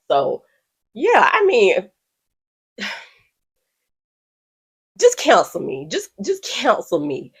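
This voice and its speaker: A woman's voice: on the low side, slightly rough. A woman hosting a commentary video from her room at home, talking bluntly and with exasperation in slangy casual speech. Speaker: host reacting to stories.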